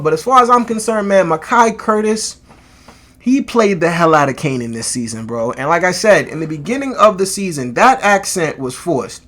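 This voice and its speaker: A man's voice: high voice, moderate pace. A man giving a casual, emphatic video review of a TV series, swearing freely and getting worked up. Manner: animated, emphatic, profane. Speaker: TV show reviewer.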